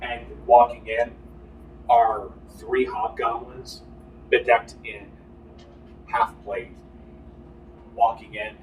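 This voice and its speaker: A man's voice: mid-range voice, little pitch movement, takes it slowly, long pauses. A man leads a tabletop game, describing scenes and calling for dice checks and often restarting his phrases. His voice is distant and roomy, with a faint background hiss. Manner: descriptive narration with frequent restarts. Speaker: game master.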